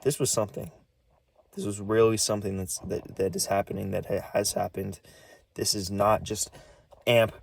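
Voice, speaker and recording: A nervous man rambles into the camera in a lowish voice, stammering and restarting his words. His pitch swings up and down as he talks, and now and then he drops into a hushed whisper. It is a shaky, casual vlog delivery. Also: steady tone, moderate pace, gravelly, no room sound. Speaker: vlogger.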